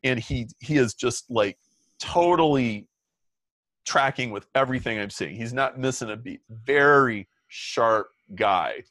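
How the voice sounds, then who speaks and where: Middle-aged man, interview guest, relaxed storyteller with filler words, dry recording. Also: medium pitch, unhurried, no echo. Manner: chatty, lots of "like" fillers. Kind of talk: casual storytelling.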